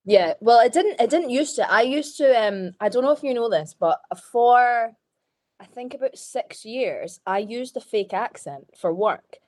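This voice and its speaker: A woman's voice: fairly high pitch, animated, unhurried, darkish tone. A Scottish woman, a podcast guest in casual chat, telling stories frankly with lots of swearing and "like". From Scotland.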